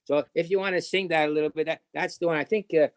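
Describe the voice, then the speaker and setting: Halting man on a video call. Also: on the high side, fairly even intonation, no echo. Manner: halting, many restarts, hums song snippets. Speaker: class participant. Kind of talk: casual chat.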